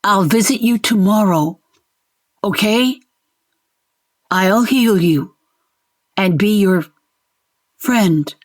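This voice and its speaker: A woman's voice: medium pitch, drawn-out words, pauses often. A woman voicing a frightened young healer who pleads breathlessly while protecting her dog. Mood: gentle.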